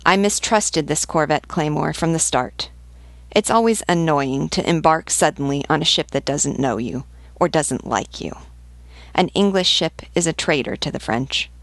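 A woman reading as a brisk officer reporting. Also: sits low, dry recording. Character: dutiful male officer giving a report.

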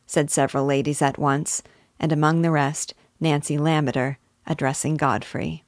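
A woman teacher reading a classic novel aloud in a measured, deliberate way. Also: deep voice, flat delivery, dry recording, clean studio sound.

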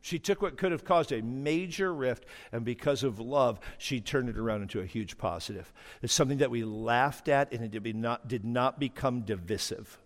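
A middle-aged male pastor preaching a sermon to his church, with humorous, animated storytelling and teasing of the congregation, recorded on a stage mic. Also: medium pitch, normal speed, few pauses. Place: church sanctuary. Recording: reverberant church hall.

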